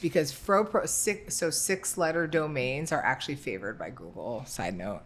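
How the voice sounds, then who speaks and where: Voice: medium pitch, animated, moderate pace, a bit bright, slight background noise. A podcast host in a casual interview who chimes in with short, encouraging remarks.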